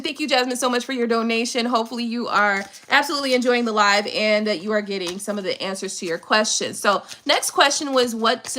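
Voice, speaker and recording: A woman's voice: high-pitched, sharp tone, a little hiss or hum. A woman giving a tarot reading on a live stream. She talks bluntly in casual chat, swears freely and laughs often.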